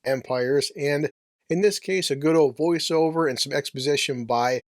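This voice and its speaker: A man's voice: on the high side, moderate pace, no room sound, studio quality. A man giving a casual, brash, joking movie review with some profanity.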